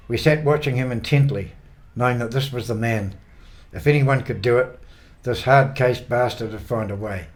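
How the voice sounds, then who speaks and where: An older man with a New Zealand accent narrates his own travel memoir, unhurried and quietly wry. His voice sits at an ordinary middle pitch for a man. It is a read-aloud yarn, paced for the listener. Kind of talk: scripted narration.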